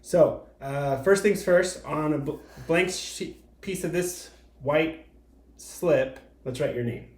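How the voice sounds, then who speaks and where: A man's voice: on the high side, slow. Patient man teaching kids art, echoey room. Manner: patient step-by-step explaining with fillers. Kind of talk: video art lesson for young children.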